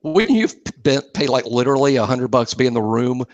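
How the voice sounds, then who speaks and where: A middle-aged man co-hosts a casual talk show at an ordinary male pitch. He teases his partner and spins out imagined scenes in playful acted-out lines. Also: animated, fast, highs cut off. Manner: teasing, riffs with mock dialogue. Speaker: radio show co-host. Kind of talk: casual chat.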